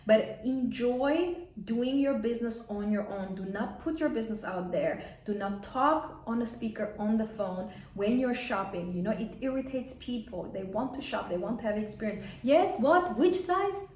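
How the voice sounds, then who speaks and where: A woman's voice: a little high, moderate pace, few pauses, a little mellow, echoey room, far from the mic. A woman coaching etiquette in a plain instructive way, stating blunt rules and acting out examples. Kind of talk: advice vlog lesson.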